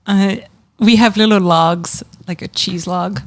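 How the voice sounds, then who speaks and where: A woman's voice: medium pitch, fairly even intonation, a little slow. A woman with a French accent, a cheese shop owner explaining things in a casual podcast chat and laughing easily.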